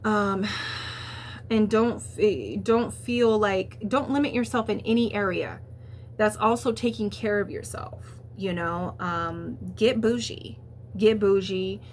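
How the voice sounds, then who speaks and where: A young woman giving a casual tarot reading, talking in a chatty, animated way with lots of fillers and the odd swear, laughing at her own asides. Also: medium pitch, slow pace, slight background noise. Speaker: tarot reader.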